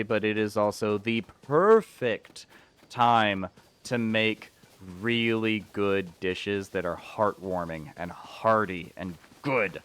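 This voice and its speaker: A man streaming a video game, chatting and rambling casually with excitable outbursts. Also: fairly low pitch, clear, resonant tone. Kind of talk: casual gameplay commentary.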